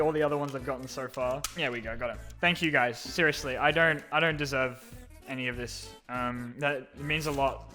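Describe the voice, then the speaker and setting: A young man with a slightly raised voice hosts a casual Q&A and unboxing video. He is excitable and sarcastic, switching between loud gushing and muttered asides. Soft music plays faintly behind him. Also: fairly high pitch. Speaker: YouTube host.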